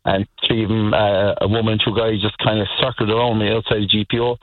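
A man's voice: lowish voice, level tone, quick pace, no echo. Middle-aged Irish man on a phone line. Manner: rambling, earnest, repeats himself. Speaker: caller. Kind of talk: radio phone-in chat. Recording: tinny phone line on radio.

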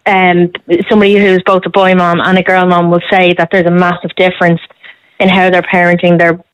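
A woman's voice: fairly low pitch, fairly quick, clear, resonant tone, no room sound, dull audio. Chatty woman on a radio call-in. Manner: chatty, animated storyteller. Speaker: caller. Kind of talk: casual radio phone-in chat.

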